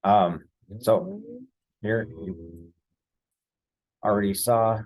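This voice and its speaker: A man's voice: fairly low pitch, very slow, darkish tone. A man teaching a Spanish grammar lesson over a screen share, explaining each step patiently with the odd filler.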